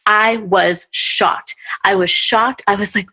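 Woman host, spirited storyteller, casual chat, mid pitch. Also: slow pace, husky. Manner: animated storyteller, acts out what people said. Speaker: podcast host.

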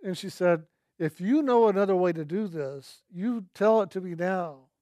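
A man's voice: high-pitched, animated, moderate pace, warm tone, dry recording, clean studio sound. A man earnestly telling a personal story from his school days. He speaks reflectively and quotes the people in it in his own voice.

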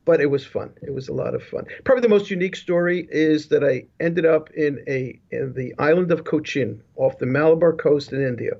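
A man's voice: fairly high pitch, a little fast, vocal fry, hardly any pauses, darkish tone. A man telling his life story as an interview guest over a remote video call, rambling with frequent restarts and asides. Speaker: guest, business leadership consultant. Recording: dull lo-fi call audio.

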